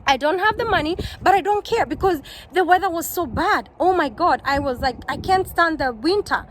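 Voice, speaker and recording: Kenyan woman vlogging at home, high voice, earnest and repeats herself, bit of faint hiss. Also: animated, a little fast, poor audio. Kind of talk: casual advice vlog.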